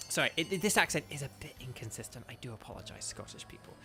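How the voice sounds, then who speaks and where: A man's voice: mid-range voice, big pitch swings, racing, creaky, hardly any pauses, sharp tone, husky, soft background music. A man giving casual, rambling commentary while playing a video game, chatting to viewers. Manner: rambling, chatty, lots of fillers. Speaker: gaming YouTuber and voice actor.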